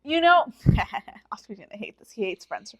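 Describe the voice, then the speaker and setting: A woman's voice: a little high, sing-song, normal speed. A woman co-hosting a podcast, teasing her co-host and rambling through a recap in casual chat.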